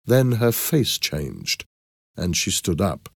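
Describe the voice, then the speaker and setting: A man reading an audiobook in a clear, expressive storytelling manner. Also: deep voice, takes it slowly, no echo, studio quality. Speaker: narrator.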